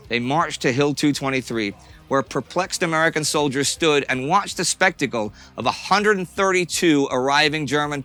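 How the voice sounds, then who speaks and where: A man narrating a scripted history documentary in a dramatic storytelling manner. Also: on the high side. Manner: dramatic storyteller, swings between tense and hushed.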